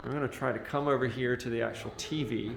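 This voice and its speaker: A male teacher giving a relaxed classroom lecture, stopping often for ums and uhs. His voice is picked up from across a very echoey room by a distant microphone, with faint room noise behind him. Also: medium pitch, fast talker, creaky. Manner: casual and conversational, with many fillers. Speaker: computer science teacher.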